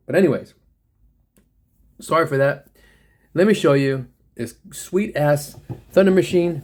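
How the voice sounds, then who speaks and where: A man's voice: medium pitch, warm tone. A man from the United States talks casually about toys in a mid-range voice. He rambles, uses slang and laughs easily. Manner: rambling, laughs often, many fillers, slangy. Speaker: toy reviewer. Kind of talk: casual toy review chat.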